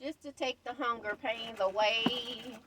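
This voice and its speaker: An older woman talking casually to her viewers while cooking in her van, unhurried and encouraging. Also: on the high side, fairly even intonation, heavy background noise. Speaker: van life vlogger. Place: inside a parked van.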